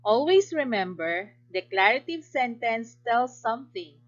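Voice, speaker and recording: Slow, high-voiced Filipino English teacher. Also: female voice, sing-song, dull audio. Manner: slow, clear and instructive, with praise for answers. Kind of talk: recorded module lesson.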